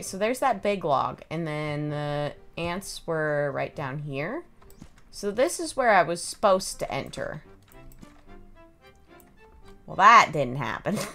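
A woman talks through a video game as she plays, chatty and prone to laughter. Her delivery is slow and leisurely, her voice has a gravelly texture, and her pitch swings up and down freely. Soft music plays behind her. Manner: chatty, thinks aloud, laughs often. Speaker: gameplay streamer. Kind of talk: casual gameplay commentary.

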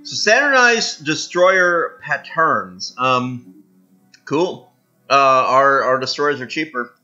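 A man hosts a game let's-play, drawling slowly and rambling with self-amused asides while he munches candy. His voice sounds bright and forward. The sound is muffled and lo-fi, with faint music underneath. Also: mid-range voice, expressive. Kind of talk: casual gameplay commentary.

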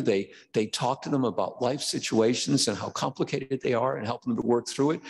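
An older man giving a conversational sermon as pastor, now and then acting out quoted voices. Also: medium pitch. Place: church sanctuary. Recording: long church reverb.

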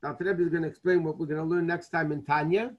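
A rabbi, a man with a fairly high, husky voice, teaches a Torah class. He poses question after question and answers them himself, and weaves Hebrew and Yiddish terms into his English. The recording is dull and lo-fi. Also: fairly even intonation, racing.

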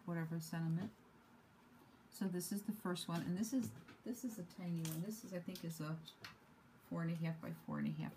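A woman showing her handmade cards at home in an unhurried, self-deprecating way, with many ums and uhs. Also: fairly low pitch, a little mellow, slight background noise, poor audio. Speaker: card-making hobby vlogger. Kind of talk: casual show-and-tell craft demo.

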